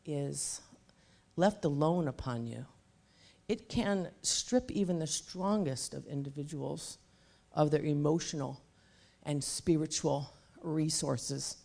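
A middle-aged woman preacher delivering a sermon. She speaks emphatically and with lively animation, and she slips easily into humorous personal stories. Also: sits low, takes it slowly, vocal fry. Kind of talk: sermon with comic storytelling.

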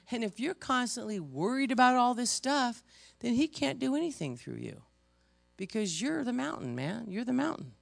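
A woman preaching a sermon, emotional and halting, pausing between stressed words. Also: low-pitched, dry recording. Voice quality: gravelly.

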